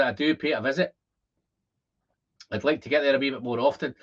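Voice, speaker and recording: A Scottish man in his fifties hosting a casual whisky livestream, chatting to viewers and rambling as he thinks out loud. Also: mid-range voice, brisk. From Scotland. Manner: chatty, rambling, repeats words when thinking. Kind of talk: casual livestream chat reading comments. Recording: dull lo-fi stream audio.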